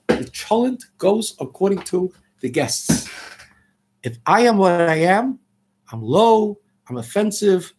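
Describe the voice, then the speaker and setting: Older New radio host, high-pitched and husky, frustrated and ranting, drops Yiddish terms. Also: male voice. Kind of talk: impassioned radio monologue.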